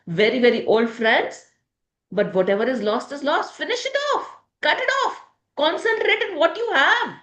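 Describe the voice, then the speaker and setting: A woman's voice: sits high, a bit bright, reverberant. A woman leading a motivational group session, emotional and speaking to members by name. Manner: emotional, addresses listeners by name. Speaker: positivity group leader.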